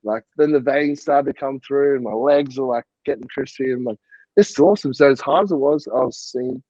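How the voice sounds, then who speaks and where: A man talks in a loose, rambling way, peppering his sentences with fillers and the odd swear. His voice is mellow and relaxed. The sound is dry and a bit dull. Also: mid-range voice, a little fast, dry recording. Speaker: podcast guest, bodybuilding coach. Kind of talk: casual interview chat.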